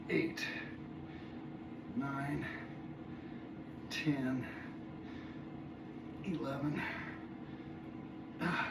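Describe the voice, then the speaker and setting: A man's voice: medium pitch, far from the mic. Winded man in his sixties counting reps. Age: 60s. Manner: groans and mutters between sets, chatty asides. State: out of breath. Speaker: fitness vlogger. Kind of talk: workout vlog, counting reps aloud. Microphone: phone camera set at a distance. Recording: echoey room, phone from afar, background noise.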